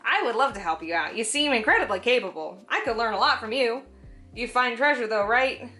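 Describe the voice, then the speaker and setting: Brief: a woman putting on a young Irish-accented hustler, raised pitch, fast, conspiratorial and wheedling. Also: expressive, sharp tone, faint music behind. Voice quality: quick conspiratorial wheedling patter. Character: young scrappy human male hustler, shifty and self-serving.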